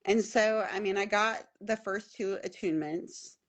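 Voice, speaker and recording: A woman's voice: medium pitch, unhurried. Earnest woman telling her own story. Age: adult with children at home. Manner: earnest and emphatic, repeating key phrases. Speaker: podcast guest. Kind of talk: casual personal storytelling.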